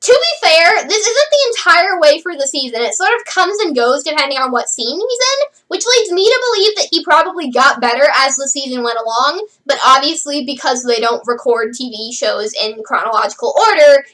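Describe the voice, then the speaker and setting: A woman's voice: high-pitched, expressive, moderate pace, hardly any pauses, a bit bright, low-quality recording. A woman hosting her own channel, giving a casual, sarcastic review full of "like" fillers. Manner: chatty, sarcastic, lots of "like" fillers. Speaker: host reviewing a TV series.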